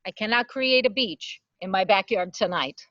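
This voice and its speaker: A woman's voice: mid-range voice, moderate pace, a bit bright, no echo, dull audio. A woman co-hosting a local public access talk show, chatting in a playful, upbeat way. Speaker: co-host. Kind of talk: casual chat.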